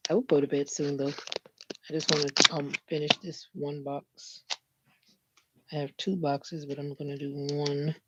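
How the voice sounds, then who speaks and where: On a casual livestream, a woman greets her viewers by name and chats at a measured pace in a low voice with little pitch movement. She's slightly stuffy, as though catching a cold, and the lo-fi stream sound is dull with faint background noise.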